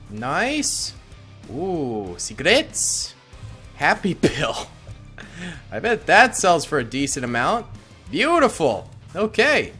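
Animated, bright-voiced male gamer. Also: fairly high pitch. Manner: goofy, swings from mutters to yelling. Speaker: gaming YouTuber. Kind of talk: casual gameplay commentary.

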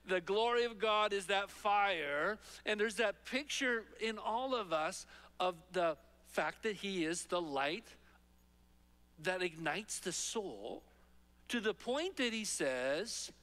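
Bright-voiced pastor preaching in a reverberant hall. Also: male voice. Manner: conversational, emphatic, drops low for quoted scripture. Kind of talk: expository sermon. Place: large church sanctuary.

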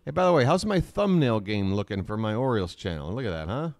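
A man's voice: on the low side, big pitch swings, fast, no room sound, clean studio sound. A man hosting a casual live stream from his laptop at home, rambling with self-mocking asides and reading out the chat.

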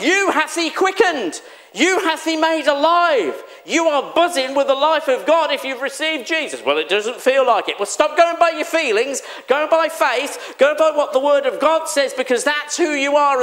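A man preaching a sermon in a church, animated and exclamatory, acting out the voices he quotes. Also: very high-pitched. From England. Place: church hall.

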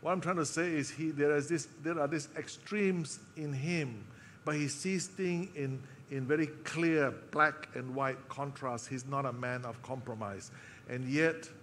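A man preaching a sermon, telling a story with emotional pauses and dropping to a soft voice for quoted lines. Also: on the high side, steady tone, long reverb tail, slight background noise. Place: church hall.

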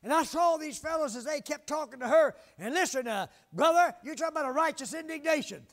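An older man preaching a sermon with fervor, swinging between loud exhortation and hushed asides. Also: very high voice, animated, fast talker. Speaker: pastor.

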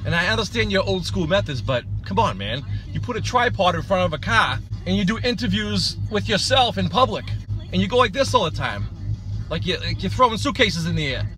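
A man's voice: high voice, very animated, fairly quick, sharp tone, faint music behind, low-quality recording. A man hosting his own vlog, ranting sarcastically and mocking another creator. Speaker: channel host.

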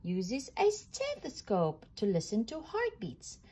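A woman reading a children's storybook aloud in a gentle, expressive way. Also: fairly high pitch, slow, slightly rough, low-quality recording.

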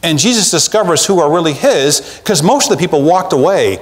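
A man preaching a sermon as pastor, in an animated, conversational way with acted asides, in a church sanctuary. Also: a little high, brisk, hardly any pauses. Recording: long church reverb.

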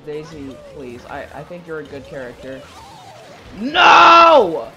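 A woman's voice: a bass voice, fairly even intonation, normal speed, a little mellow, highs cut off, soft background music. A young woman giving live commentary on her own racing game play, swearing, stammering and breaking into frustrated outbursts. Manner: stammering restarts. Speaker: gaming video creator.

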